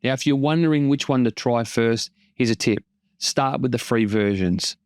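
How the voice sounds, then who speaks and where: A man's voice: medium pitch, moderate pace, darkish tone, no echo, studio quality. A man hosting a casual tech explainer, plain-spoken and lightly joking as he walks through tools. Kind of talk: casual tutorial narration.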